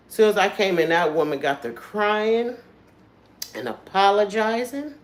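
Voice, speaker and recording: A woman's voice: mid-range voice, expressive, moderate pace. A woman hosting a livestream, telling stories in a candid, earthy way with frequent swearing and trailing asides. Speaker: livestream host. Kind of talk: casual storytelling chat.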